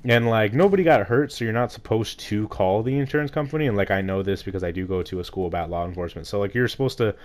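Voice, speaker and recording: A man's voice: lowish voice, quick pace, hardly any pauses. Rambling sick young man venting. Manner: rambling, heavy use of "like", frustrated. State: sick, rough voice. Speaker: gaming vlogger. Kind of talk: casual storytime rant over gameplay.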